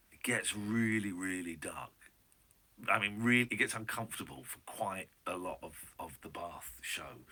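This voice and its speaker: Drawling radio host, bright-voiced. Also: male voice, sits low, husky. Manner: rambling, drawling, playful asides. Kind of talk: late-night talk radio chat.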